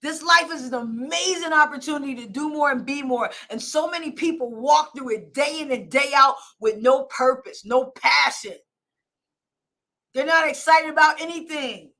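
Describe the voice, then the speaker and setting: A woman's voice: high voice, moderate pace, sharp tone. A woman life coach and show host giving a blunt, emphatic motivational pep talk, repeating her points and demanding more of her listeners. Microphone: phone or camera, streaming live.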